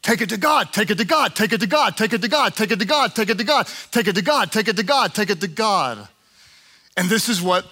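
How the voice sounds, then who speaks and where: A male pastor with a high, bright, sharp voice delivers an impassioned sermon. He drives his points home with repeated phrases. He swings between ringing shouts and soft, prayerful murmurs. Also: expressive, fairly quick.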